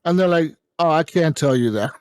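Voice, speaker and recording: Male gaming podcast co-host, higher-pitched, swears a lot, animated ranting, dry sound. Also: a little fast, no echo. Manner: animated, profane ranting storyteller. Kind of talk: casual chat.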